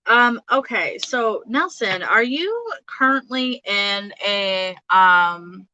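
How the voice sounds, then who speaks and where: A woman's voice: mid-range voice, big pitch swings, slow pace, bright, forceful tone, no room sound, lo-fi sound. A young woman giving a casual, chatty tarot reading, giggling often and speaking straight to her viewers. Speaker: tarot reader.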